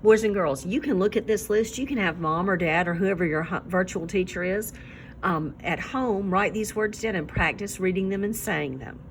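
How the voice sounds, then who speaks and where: A woman teacher giving a recorded reading lesson to young children, sounding out words slowly and clearly. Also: mid-range voice, slight background noise.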